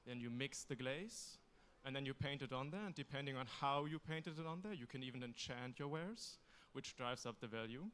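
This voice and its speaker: A man pitching his game on a convention stage, explaining it steadily with a few fillers. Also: moderate pace, hardly any pauses, fairly bright tone.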